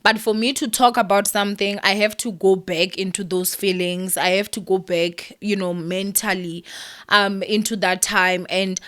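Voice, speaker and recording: A woman's voice: mid-range voice, fairly even intonation, moderate pace, fairly bright tone. A young woman talking candidly to her viewers, heartfelt and close to tears, with many ums and likes. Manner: emotional, heartfelt, near tears, with many fillers. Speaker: vlogger. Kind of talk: candid vlog talk to camera.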